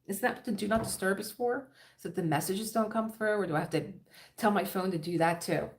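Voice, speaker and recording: A woman's voice: medium pitch, fairly quick. A middle-aged woman with a Philadelphia accent chatting casually on a crafting livestream, rambling and laughing often. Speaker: diamond painting livestream host.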